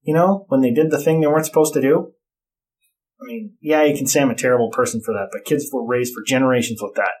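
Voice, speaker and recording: A man's voice: medium pitch, quick pace, a little mellow. A middle-aged man in casual chat, telling blunt, profane stories about parenting.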